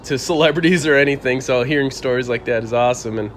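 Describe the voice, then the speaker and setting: A young man from the Buffalo area telling a story to camera in a casual, animated way. He laughs often and acts out the lines of others. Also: mid-range voice, fast, faint music behind. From Buffalo, New York area. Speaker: channel host telling a story.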